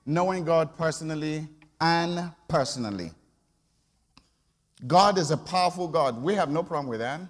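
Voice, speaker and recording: A man's voice: fairly high pitch, moderate pace, pauses often. A middle-aged man preaching a conversational sermon in church, often calling for the congregation's response. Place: church sanctuary. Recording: long church reverb.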